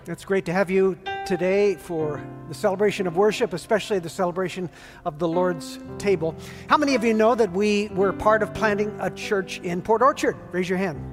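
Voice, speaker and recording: A man who pastors the host church, warmly welcoming the congregation with questions and then introducing a guest preacher. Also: high-pitched, brisk. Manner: warm, affectionate, asks the congregation questions. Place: church sanctuary. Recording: long church hall reverb with soft music.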